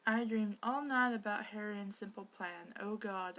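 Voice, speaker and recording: A woman's voice: medium pitch, normal speed, hardly any pauses, fairly bright tone. A woman reading bad fan fiction aloud for laughs and breaking in with sarcastic, exasperated remarks. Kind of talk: comedic dramatic reading with commentary.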